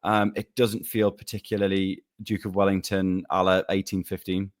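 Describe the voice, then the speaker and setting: Man, low pitch, co-host, casual discussion, conversational. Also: level tone, normal speed.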